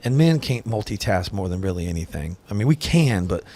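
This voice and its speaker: Host, middle-aged man, low gravelly voice, blunt, jokey, swears freely. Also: big pitch swings, brisk, darkish tone. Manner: blunt, jokey, swears, tells family anecdotes. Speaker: podcast host. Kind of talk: casual interview chat.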